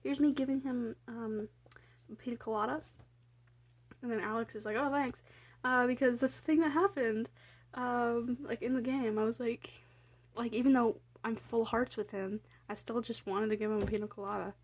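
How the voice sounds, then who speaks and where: A woman's voice: fairly high pitch, steady tone, normal speed. A young woman casually rambling through her sketchbook, full of fillers, self-deprecating asides and casual swearing. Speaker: artist showing her sketchbook.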